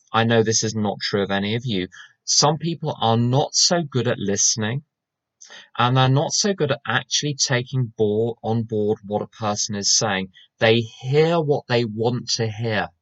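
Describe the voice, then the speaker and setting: Over slightly dull online call audio, an Englishman gives a conversational recovery talk in a lowish, slightly bright voice. The recording is dry, and he's wry and chatty, full of asides and restarts.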